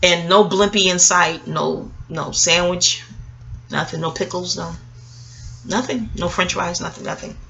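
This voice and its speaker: Bright-voiced New woman telling a story. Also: unhurried, vocal fry. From Queens, New York. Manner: animated, profane, street slang, jumps up in pitch for quoted voices. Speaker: vlogger. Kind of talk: casual storytelling monologue.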